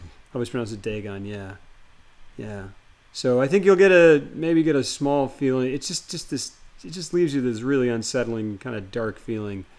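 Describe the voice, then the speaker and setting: Male streamer, casual and rambling, filler-heavy chat, then story reading; average pitch. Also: moderate pace, darkish tone. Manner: chatty and rambling, greets viewers by name, many fillers. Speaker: live streamer.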